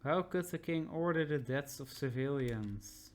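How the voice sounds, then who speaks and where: A man voicing a stern, burdened army captain in a video game, speaking in a measured, grave and authoritative way. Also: medium pitch, lively intonation, lightly acted.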